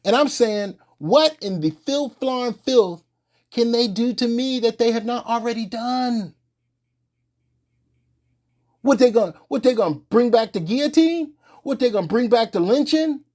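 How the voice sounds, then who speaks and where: Slow, emphatic preacher firing rhetorical questions. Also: mid-range voice, darkish tone. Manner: colloquial, restarts mid-phrase. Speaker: religious teacher. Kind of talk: informal sermon.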